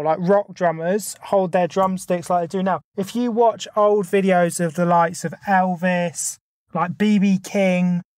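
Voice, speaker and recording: A man's voice: sits high, a little mellow, no echo. Man arguing his points in a dry room. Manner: argumentative, lays out numbered points. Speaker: podcast co-host. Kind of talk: casual chat.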